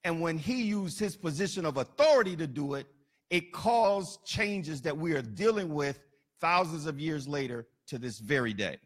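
A man's voice: on the high side, expressive, moderate pace. A man preaching a sermon, building emphasis through repetition and dropping into casual asides. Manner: colloquial asides.

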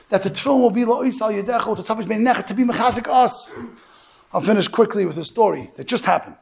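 Gravelly fast-talking man preaching. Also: a little high. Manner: animated, rushed, sprinkled with Hebrew and Yiddish terms. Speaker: religious lecturer. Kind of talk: storytelling sermon.

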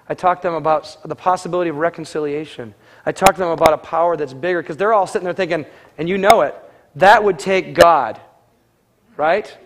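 A man preaching in a conversational sermon, telling a story and acting out the dialogue. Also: on the high side. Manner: conversational, animated, acts out quoted dialogue. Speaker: pastor.

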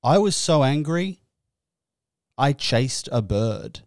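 A man in his young adult years hosts a comedic podcast with animated, exasperated storytelling and plenty of swearing. His mid-pitched voice sounds close and dry, with no room echo. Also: slow. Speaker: podcast host. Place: indoors.

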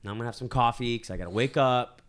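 A man's voice: medium pitch, very fast. A young man co-hosting a casual podcast, rambling and swearing, joking about being bitter. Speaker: podcast co-host. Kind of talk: casual chat. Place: San Diego.

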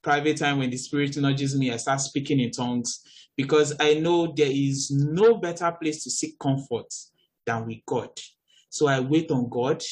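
A young man with a Nigerian accent, preaching a sermon in an earnest, animated way that jumps to high exclamations. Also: moderate pace. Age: young adult.

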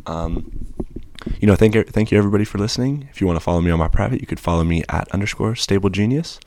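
A young man co-hosting a podcast, joking and quick, cutting in with banter. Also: lowish voice, a little mellow. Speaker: podcast co-host.

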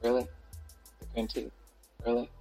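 A woman's voice: rumbling low, monotone, moderate pace, gravelly, warm tone, faint music behind, poor audio. A woman from Toronto hosting a casual podcast chat, playful and loose, dropping Caribbean slang. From Toronto, Canada. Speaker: podcast host.

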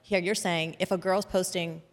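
Chatty woman podcast host, lowish voice. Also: steady tone, moderate pace. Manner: chatty, filler-heavy with frequent "like". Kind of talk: casual podcast conversation. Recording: long hall reverb.

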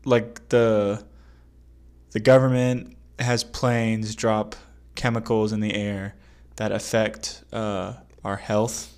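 A man's voice: fairly low pitch, little pitch movement, slow, a little mellow, clean tone. A man co-hosting a podcast, trading dry, teasing banter. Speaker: podcast co-host. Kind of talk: casual podcast chat.

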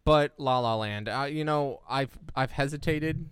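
A man's voice: medium pitch, unhurried, smooth. A young man co-hosting a casual chat podcast, rambling with lots of fillers and restarts. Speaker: podcast co-host.

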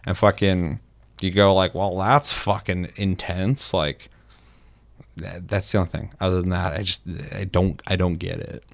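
A young man with a very deep voice talks loosely on a podcast, swearing freely and slipping into little acted-out quotes. The sound is dry and close. He rambles through his points. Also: steady tone, moderate pace, vocal fry, dry recording. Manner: profane, rambling, acts out quotes. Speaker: podcast co-host. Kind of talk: casual chat.

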